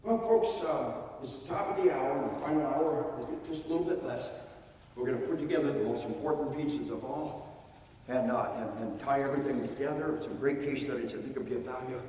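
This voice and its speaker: An older man giving a live seminar lecture, leading a slow counted breathing drill in a folksy, commanding way. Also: mid-range voice, a little mellow, slight background noise. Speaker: seminar speaker. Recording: echoey hall from far off.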